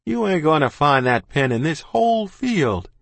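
A lanky, good-natured country boy, with a man doing his voice in a storybook reading. He speaks in a plain rural drawl, pitched higher than the reader's own voice and moving lively up and down. The recording is close and dry. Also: moderate pace, vocal fry, dry recording, full character voice. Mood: eager. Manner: folksy rural dialect, plainspoken. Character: lanky, friendly country boy, easily hurt.

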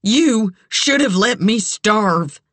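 A reader plays a desperate, wounded woman pleading for a child in an audiobook. Her lines come slowly and turn raised and tearful, set against a dry, close recording. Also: mid-range voice, expressive, fairly bright tone, no echo. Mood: anguished. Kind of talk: audiobook character voice.

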